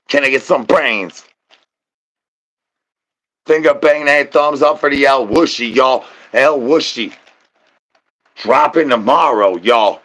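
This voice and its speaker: A man's voice: mid-range voice, a little slow, a bit bright, dull audio. A man streaming live, rambling in goofy slang with sing-song nonsense rhymes. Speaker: livestreamer. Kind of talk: rambling livestream chat.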